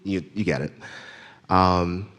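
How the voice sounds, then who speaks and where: A man delivering the Sunday message at church in a relaxed, self-deprecating way, improvising with gentle humor. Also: low-pitched, slow pace. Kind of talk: informal sermon. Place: church sanctuary.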